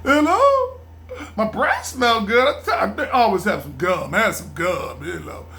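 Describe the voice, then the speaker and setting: A middle-aged man casually telling a rambling personal story, repeating phrases, laughing often and mimicking his mother in a lower murmur. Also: big pitch swings, moderate pace, sharp tone. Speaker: vlogger.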